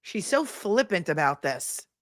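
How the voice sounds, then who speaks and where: A woman's voice: on the low side, big pitch swings, a little slow, no room sound, clean studio sound. A woman hosting a live trial commentary stream, blunt and sarcastic, with some swearing.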